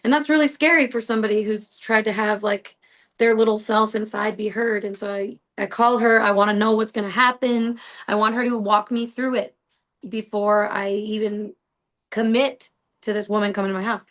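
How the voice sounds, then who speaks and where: A woman's voice: medium pitch, steady tone, moderate pace, poor audio. A woman hosting a podcast, telling a personal story in a casual, earnest and rambling way, full of "like" and "you know". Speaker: podcast host.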